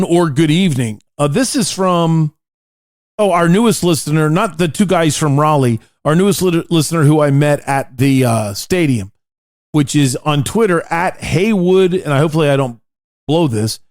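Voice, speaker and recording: A man's voice: fairly high pitch, no room sound, studio quality. Chatty, opinionated male sports podcast host. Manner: chatty, opinionated, jokey asides. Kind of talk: casual sports talk, reading listener emails.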